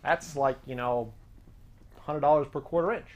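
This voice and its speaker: A man hosting his own show, telling a casual anecdote in an animated, self-amused way and acting out the back-and-forth of a conversation. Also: on the high side, moderate pace, heavy background noise. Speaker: podcast host.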